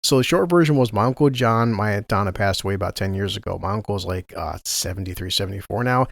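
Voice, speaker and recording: Fast-talking man telling a profane story. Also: lowish voice, gravelly, no echo. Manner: profane, laughs often, acts out family quotes. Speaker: podcast co-host. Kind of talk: casual storytelling chat.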